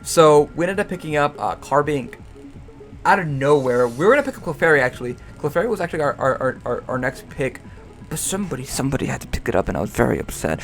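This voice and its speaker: A man's voice: fairly high pitch, lively intonation, fast, soft background music. A young man casually talking through his team picks, rambling and stumbling over repeated words with self-mocking jokes. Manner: self-mocking, jokey asides. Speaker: YouTuber and league coach. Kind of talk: casual draft analysis commentary.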